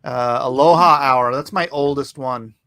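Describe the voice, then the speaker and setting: A man's voice: medium pitch, measured pace, sharp tone. A man hosting a live drawing stream, chatting casually and joking around with his guests on a video call. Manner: jokey, playful banter. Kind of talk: casual livestream chat.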